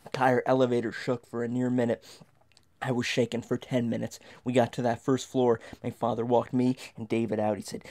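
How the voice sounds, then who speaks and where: A man's voice: mid-range voice, level tone, a little fast, mellow. A man telling a comic tall tale as a dramatic monologue, stammering and restarting often. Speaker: storyteller.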